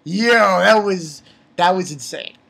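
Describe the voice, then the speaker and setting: Low, husky woman reviewer venting heatedly and swearing freely about a comic. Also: animated, takes it slowly, a bit bright. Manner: exasperated, profane, heated outbursts. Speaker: manga reviewer. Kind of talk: casual ranting review.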